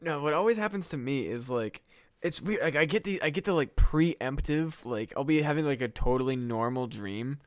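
A man's voice: medium pitch, animated, moderate pace, no room sound. Rambling, swearing man on a dry mic. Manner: rambling, heavy on fillers and swearing. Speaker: podcast co-host. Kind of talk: casual comedy podcast chat.

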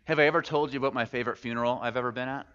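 A male pastor preaches rapid-fire in a medium-pitched, clean-toned voice, keeping things conversational with a stream of questions for the congregation and homespun humor. His words echo around a large church hall, and the recording sounds dull and muffled.

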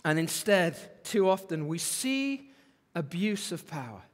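A man preaching a sermon, animated, with phrases repeated for emphasis. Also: on the high side, takes it slowly. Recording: long hall reverb.

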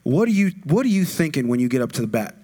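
A man's voice: mid-range voice, big pitch swings, quick pace. Preaching man, casual then rousing. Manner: conversational, builds to loud call-and-response preaching. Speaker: pastor. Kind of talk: sermon.

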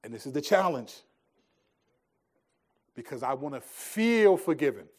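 A middle-aged male pastor preaching a sermon, telling stories and swinging between hushed, slow lines and emphatic ones. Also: mid-range voice, very animated.

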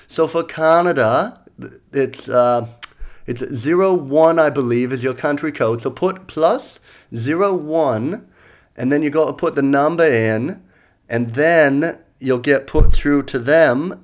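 A man's voice: on the high side, voice pushed up, lightly acted. A Canadian man putting on a friendly, just-woken Australian guy on the phone, in a mock Australian accent that slips toward British and a breezy, mate-heavy delivery. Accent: mock Australian that drifts British. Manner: easygoing, calls everyone mate.

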